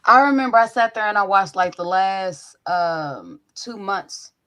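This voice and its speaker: A young adult woman hosting a podcast over a video call, chatting casually with loud, profane storytelling. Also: mid-range voice, expressive, a little slow. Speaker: podcast host. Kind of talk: casual chat.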